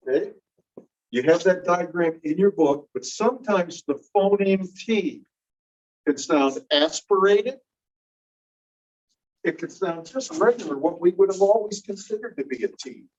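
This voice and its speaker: A middle-aged man gives a casual classroom lecture on speech sounds, voicing example words to demonstrate them. His voice is husky and a touch high. The recording is dull and lo-fi, picked up from some distance. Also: darkish tone. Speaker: phonetics instructor.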